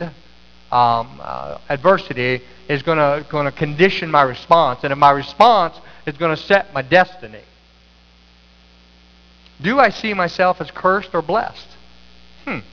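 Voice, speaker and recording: A man's voice: fairly high pitch, expressive, a little slow. A middle-aged man preaching a sermon as pastor, telling a story with many restarts and fillers in a church sanctuary. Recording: echoey sanctuary, slightly dull sound.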